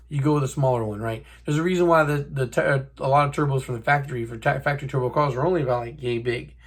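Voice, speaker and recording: A man's voice: medium pitch, slightly rough. A young man hosting his own channel, chatting casually and profanely to the camera like he's talking to a buddy. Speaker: car channel host.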